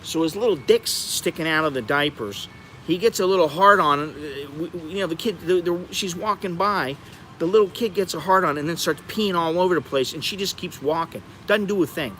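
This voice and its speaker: A man's voice: a little fast, slight background noise. American man telling stories outdoors. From United States. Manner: animated, bursts into high-pitched laughter and acted-out exclamations. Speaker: vlogger. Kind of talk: casual storytelling livestream.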